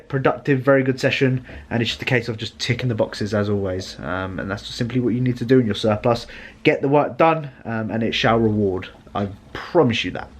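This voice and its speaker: A man talking casually in a vlog, blunt and rambling, swearing freely. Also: mid-range voice. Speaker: fitness vlogger and coach.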